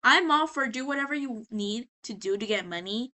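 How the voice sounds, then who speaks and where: A woman's voice: on the high side, lively intonation, normal speed, bright, forceful tone. A tipsy woman rambling sassily as she recaps a show in a casual vlog. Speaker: vlogger.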